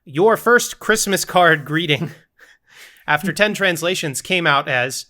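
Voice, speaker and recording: Bright-voiced man hosting a podcast quiz. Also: fairly high pitch, animated, slow pace. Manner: playful, reads quiz options aloud. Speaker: podcast co-host running the game segments. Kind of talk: casual game-show podcast chat.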